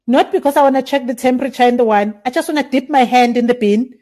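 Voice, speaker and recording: A middle-aged South African winemaker in a casual interview, telling stories and acting out remembered conversations with laughter. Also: female voice, sits high, quick pace. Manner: animated, acts out remembered dialogue with laughs. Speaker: winemaker, guest.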